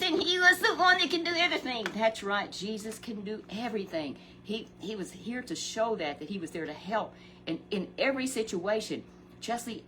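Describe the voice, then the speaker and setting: An older woman recounts a Bible story in a homespun, animated way. She repeats herself and keeps turning to her young listener. Her voice sits at a middling pitch, and a faint hiss runs underneath. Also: low-quality recording. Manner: folksy, animated, repeats herself, talks to a puppet.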